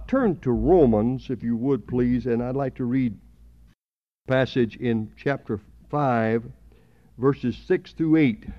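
A man preaching a sermon at a church service, emphatic, swelling louder on key words. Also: medium pitch. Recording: dull lo-fi sermon recording.

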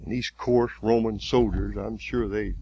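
A man preaching a sermon, retelling a story vividly with halting restarts. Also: on the low side, fairly even intonation, darkish tone, slightly rough, lo-fi sound.

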